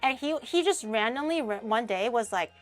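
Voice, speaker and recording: A woman's voice: a little high, expressive, moderate pace. A young woman from Canada, chatting animatedly as she cooks on her stream, laughing often and swearing casually. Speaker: streamer hosting a cooking collab. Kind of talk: casual chat while cooking.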